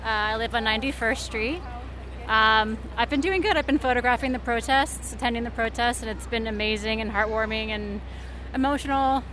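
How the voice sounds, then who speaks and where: A woman's voice: a little high, fairly quick, a bit bright. A woman photographer interviewed on a city street, talking casually with some hesitation. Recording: street noise behind.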